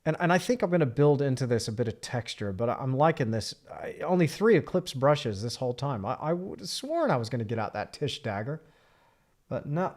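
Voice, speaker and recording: A man's voice: mid-range voice, very animated, brisk, darkish tone. A man streaming live from his art studio, chatting in a reflective, rambling way while he paints. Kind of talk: casual livestream chat.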